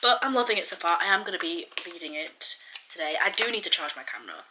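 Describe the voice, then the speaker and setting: A chatty young woman rambles about her current read, her voice sharp and tense at the top. She sits a little low for a woman, and her talk is loose and full of filler words. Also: lively intonation, fast talker, slight background noise. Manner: chatty, lots of "like" fillers, gushing. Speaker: book vlogger. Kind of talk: casual reading vlog chat.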